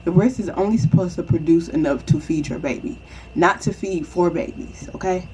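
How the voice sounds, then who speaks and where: A woman's voice: lowish voice, normal speed, mellow, a little hiss or hum, rough recording. A young woman chatting casually and reassuringly to the viewer, often checking in with "okay?". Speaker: vlogger. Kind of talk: casual advice chat.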